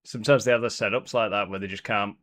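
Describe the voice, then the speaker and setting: A man's voice: fairly low pitch, fairly even intonation, fast, fairly bright tone. A man co-hosting a casual chat who mocks himself. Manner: self-mocking, laughing at himself. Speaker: co-host.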